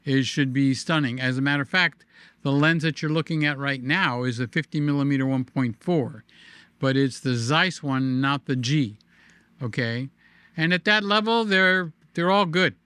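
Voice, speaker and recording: A man's voice: mid-range voice, normal speed, sharp tone, clean tone, no room sound. A middle-aged man hosting a casual vlog, talking animatedly to camera, joking and repeating himself. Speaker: vlogger host. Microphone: desk microphone.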